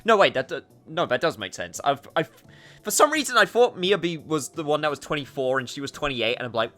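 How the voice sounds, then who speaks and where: A man's voice: mid-range voice, brisk, faint music behind. A man hosting a let's play, joking about his own bad accents in casual gameplay commentary. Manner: animated, joking, self-deprecating.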